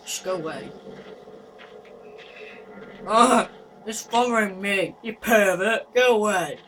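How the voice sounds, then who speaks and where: A man's voice: sits high, lively intonation, takes it slowly, a bit bright. A young man commentating a horror game, jumpy and nervous, screaming at scares and taunting the monster. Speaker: gaming YouTuber. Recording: noisy home recording.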